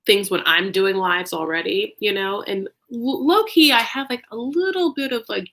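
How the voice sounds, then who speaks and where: A woman's voice: medium pitch, normal speed, creaky, a bit bright. Chatty woman hosting a live stream. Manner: chatty, peppered with "like", answers viewer comments. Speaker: recap show host. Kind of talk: casual livestream chat.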